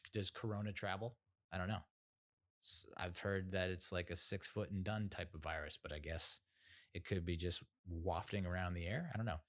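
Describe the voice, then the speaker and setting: A man's voice: low-pitched, a bit bright. A man hosting a podcast, telling a story in a rambling, sarcastic way with lots of fillers. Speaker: podcast host. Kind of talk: casual storytelling monologue.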